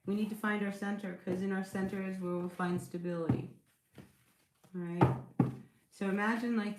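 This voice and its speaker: A woman's voice: medium pitch, a little mellow, a little hiss or hum. Chatty woman reading tarot, echoey room. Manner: chatty, reassuring, with many fillers and rhetorical check-ins. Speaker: tarot reader. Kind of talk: casual tarot reading for viewers.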